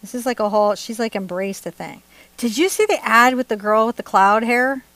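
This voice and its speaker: A middle-aged woman who teaches painting on a live stream, her voice sitting a little high. She talks in a chatty, playful and excitable way, and laughs easily between her instructions. The sound is dry and close, with no room echo. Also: a little fast. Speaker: art instructor.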